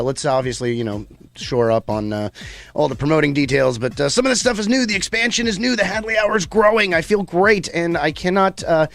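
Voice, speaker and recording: A man's voice: on the high side, fairly bright tone. A man hosting a radio music show in casual, rambling chat, plugging the show and poking fun at himself between songs. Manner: rambling, self-deprecating, upbeat plugging.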